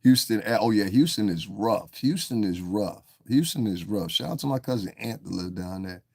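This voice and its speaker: A man from New York hosts a live stream, answering his chat in a rough, swearing, confrontational ramble. His voice sits on the low side, and the sound is dry and close with no room around it. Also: expressive, normal speed, darkish tone, no room sound. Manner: confrontational, profane, rambling, talks back to chat. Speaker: livestream host reading chat. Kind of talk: casual live-stream rant.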